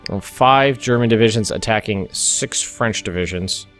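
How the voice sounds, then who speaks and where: This is casual gameplay commentary from a young American let's play host who reasons aloud through a strategy game, with many restarts and side remarks. He speaks at a moderate pace in a lowish, fairly bright voice. Faint music plays underneath.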